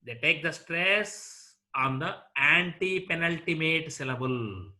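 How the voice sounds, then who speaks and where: A male college lecturer with an Indian English accent, teaching word stress slowly and deliberately, repeating each example word as a drill. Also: fairly high pitch, animated, pushed and bright.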